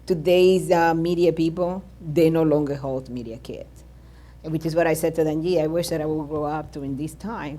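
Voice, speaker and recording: A woman panelist speaking in a halting, direct way, with frequent pauses and restarts. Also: low voice, a little mellow. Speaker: conference panelist. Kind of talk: panel discussion.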